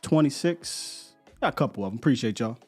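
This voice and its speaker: A man's voice: mid-range voice, expressive, a little fast, darkish tone, breathy edge, faint music behind. Laid-back man hosting a sports show. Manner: loose, laughing, repeats words. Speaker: sports podcast host. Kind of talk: casual live-stream chat.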